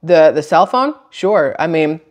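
A woman with a lower-pitched voice talks straight to her camera microphone. She reads news items aloud and then cuts in with blunt, chatty opinions of her own. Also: lively intonation, unhurried, a little mellow. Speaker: channel host. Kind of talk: casual commentary reading news.

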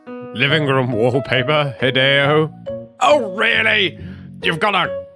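A man's voice: fairly high pitch, takes it slowly, music in the background. An English man hosting a let's play, commentating on gameplay in an exasperated, joking way with plenty of swearing.

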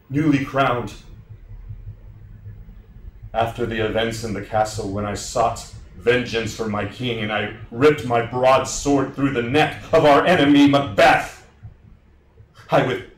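A man's voice: medium pitch, lightly acted. Guy playing macduff, sad crazy immortal scottish warrior, big stage melodrama, roomy far-off sound. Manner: melodramatic, swings into shouted outbursts. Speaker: actor in a staged reading. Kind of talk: theatrical monologue. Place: theater stage. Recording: roomy, distant mic.

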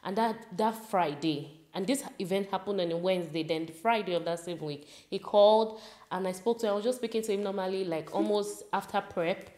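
A young woman with a Nigerian accent tells a story with lively, casual energy and drops into pidgin now and then. Her voice sits in a middle pitch. The room around her is noticeably echoey. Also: brisk. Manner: animated, mixes in pidgin, laughs while telling. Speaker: vlogger.

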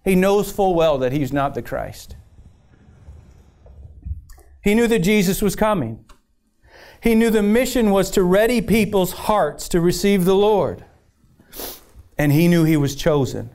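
A man's voice: high-pitched, animated, unhurried, pauses often, darkish tone. A man preaching a sermon with passion, repeating phrases and reading scripture aloud. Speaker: pastor.

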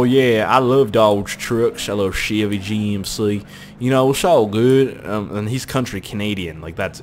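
A man hosting casual video game commentary, rambling, swearing and excitable. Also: on the low side, slight background noise. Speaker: host.

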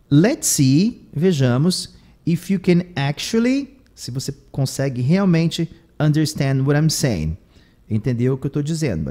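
A Brazilian man teaching English, explaining a clip in Portuguese and repeating English phrases slowly and with emphasis. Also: medium pitch, mellow.

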